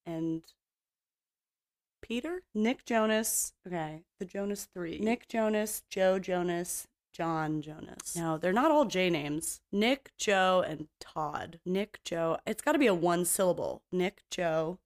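A woman's voice: on the low side, measured pace, few pauses. A woman hosting a podcast on her own in casual chat, rambling and blunt, swearing freely and mocking herself. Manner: self-mocking and playfully opinionated. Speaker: podcast host.

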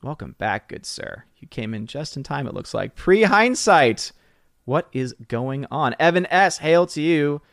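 A man's voice: fairly high pitch, animated, measured pace, a bit bright, no echo, clean studio sound. A man hosting a casual live stream, greeting viewers by name and reading chat comments. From southern United States. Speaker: livestream host.

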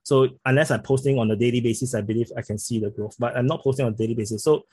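A man with a Singaporean accent talks casually as a podcast guest, his voice somewhat husky. He often restarts and repeats words as he gets going. The sound is dry and close, with no room echo. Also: mid-range voice, steady tone, darkish tone. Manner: halting, repeats words when starting sentences. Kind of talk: casual interview chat.

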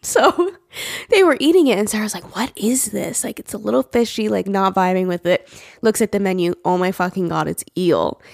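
Woman podcast host, casual storytelling, jumps way up high doing other people's voices. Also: normal speed, creaky, no echo, clean studio sound. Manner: animated storytelling, acts out quotes in a high voice. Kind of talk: casual chat.

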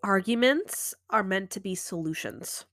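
Animated woman podcast host, dry sound. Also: medium pitch, a little slow, dry recording. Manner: animated, acts out inner dialogue. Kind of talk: casual advice talk.

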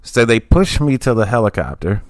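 Male storyteller, low voice, animated, laughs easily, dry close mic. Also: moderate pace, no echo. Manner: animated, laughing often, acts out quotes. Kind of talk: casual storytelling chat.

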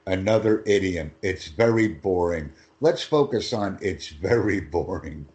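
A man teaching English phrases in a lesson, reading each phrase slowly and with emphasis for his student to repeat. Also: deep voice, lively intonation, darkish tone. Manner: slow and emphatic, phrases stressed one by one.

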